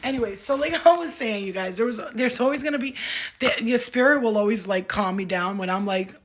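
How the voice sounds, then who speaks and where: A woman's voice: fairly high pitch, a little fast. A young woman vlogging casually about spirit and channeling, laughing often and swearing in slang. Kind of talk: casual chat to camera.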